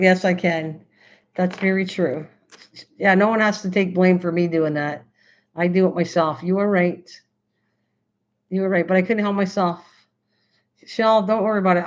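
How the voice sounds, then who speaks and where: A woman hosting a casual craft livestream, chatting excitedly and answering her chat as she goes. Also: fairly low pitch. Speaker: livestream host. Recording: slightly dull lo-fi stream audio.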